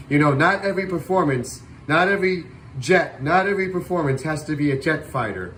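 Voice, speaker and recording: A man hosting a livestream, calling a virtual air show in playful announcer style with loud whoops. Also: on the high side, expressive, fairly quick, hardly any pauses, slight background noise. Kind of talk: playful air show commentary over a flight sim stream.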